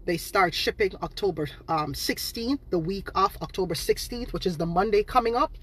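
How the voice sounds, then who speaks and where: A woman with a Jamaican accent, ranting loudly and scolding people on a live stream from her phone. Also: medium pitch, normal speed, a little hiss or hum. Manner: loud, scolding, insulting.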